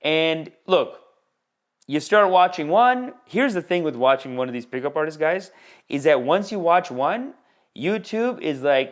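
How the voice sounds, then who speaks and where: A man's voice: fairly high pitch, sing-song, measured pace. A man from India, a stand-up comedian hosting a podcast, rambling through a casual comic monologue full of slang.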